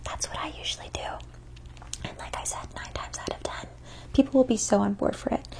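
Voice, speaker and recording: A woman doing a whispered ASMR Q&A, answering viewer questions softly and reflectively, drifting between whisper and a quiet spoken voice. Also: fairly high pitch, steady tone, vocal fry. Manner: soft, gentle whisper that keeps slipping into a quiet spoken voice; unhurried and reflective, with frequent "um" and "like".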